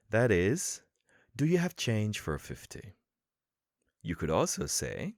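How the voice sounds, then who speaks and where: A man hosting a podcast lesson for English learners, explaining in a calm, measured way with emphatic pauses. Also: low voice, no room sound, clean studio sound. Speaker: podcast host and English coach.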